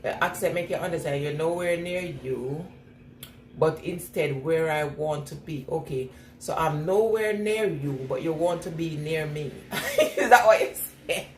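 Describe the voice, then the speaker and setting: With hardly any pauses, a low-voiced woman speaks at a moderate pace, chatting with viewers and responding to their comments as she washes her hair. She laughs frequently, repeats her replies, and has a noticeable non-standard English accent. She's far from the mic in an echoey room, with slight background noise and clear ambience.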